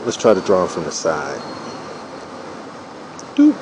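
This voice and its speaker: A man's voice: sits low, wildly swooping pitch, a little slow, noisy background. A man in his forties riffing through a loose, profane comedic monologue while he draws cartoons, full of "you know" fillers. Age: 40s. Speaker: streamer drawing cartoons.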